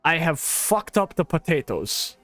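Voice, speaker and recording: A woman streamer imitating a friend who mourns a kitchen mistake in a slow, mock-dramatic tone. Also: deep voice, big pitch swings, full character voice. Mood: mock-solemn. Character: woman friend mock-lamenting a cooking failure.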